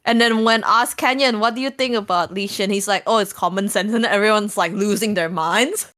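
Woman, co-host, casual chat, laughs a lot, mid-pitched voice. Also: normal speed. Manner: laughs often, animated retelling with high-pitched quotes.

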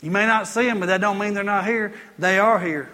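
Male pastor, emphatic repetitive sermon delivery, high voice, echoing sanctuary. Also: fairly quick, bright, forceful tone. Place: church sanctuary.

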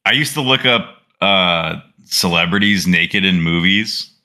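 A young man with a low voice and a sharp, very bright tone. He co-hosts a podcast in casual, crude banter full of jokes. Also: measured pace. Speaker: podcast co-host. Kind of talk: casual chat.

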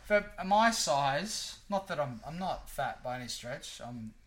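An Australian man in his late forties co-hosting a podcast, chatting casually in a rambling, jokey, animated way. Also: a little high, unhurried, poor audio. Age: late 40s. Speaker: podcast co-host. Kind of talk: casual chat.

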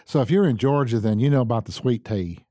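Man, podcast host, enthusiastic, folksy and joking, mid-range pitch, warm mellow voice. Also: animated, quick pace, no room sound, studio quality. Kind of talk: conversational interview hosting.

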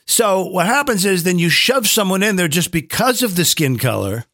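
A middle-aged man with a fairly high voice talks emphatically, and his pitch swings widely. He restarts his sentences often as he pushes his points. The sound is dry and close. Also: sing-song, normal speed, a bit bright, no echo. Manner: emphatic, with frequent restarts and acted quotes. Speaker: advertising voice actor, guest. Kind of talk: opinionated conversation.

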